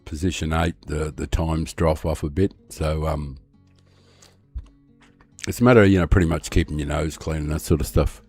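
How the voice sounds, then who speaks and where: An older Australian man talks easily and unhurriedly while livestreaming a racing game. His voice sits low and warm. The delivery is casual and easygoing. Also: moderate pace, slightly rough, faint music behind. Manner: relaxed, easygoing. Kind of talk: casual chat.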